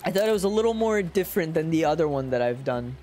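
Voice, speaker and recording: Chatty streamer with an animated voice. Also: medium pitch, fast talker, soft background music. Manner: chatty, talks to chat, often trails off quietly. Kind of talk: casual let's-play commentary.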